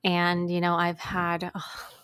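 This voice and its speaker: A woman co-hosts a podcast in relaxed conversation. She talks in a chatty, openly emotional way and laughs often. Her voice sits at an ordinary pitch and is recorded dry and close, with little room sound. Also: moderate pace, no echo. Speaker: podcast co-host. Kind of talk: casual podcast chat.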